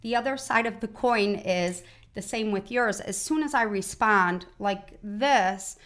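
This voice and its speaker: A woman hosts a relaxed talk on raising kids, her voice mid-pitched and thoughtful. She speaks with an easy, reflective manner and a light laugh at times. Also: measured pace. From Michigan, United States. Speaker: host. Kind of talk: casual conversation about parenting.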